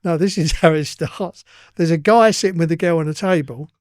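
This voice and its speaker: Give me an older man with an East London accent, a fairly high voice, telling earthy stories bluntly. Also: fairly quick, darkish tone, no room sound, clean studio sound. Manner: blunt and earthy, swears freely. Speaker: guest. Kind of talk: casual storytelling.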